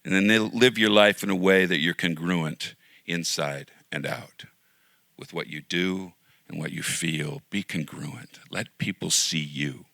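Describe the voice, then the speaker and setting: Earnest low gravelly-voiced male pastor. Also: a little slow, pushed and bright, dry recording. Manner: earnest, pleading, drops to near-whisper at times. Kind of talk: sermon.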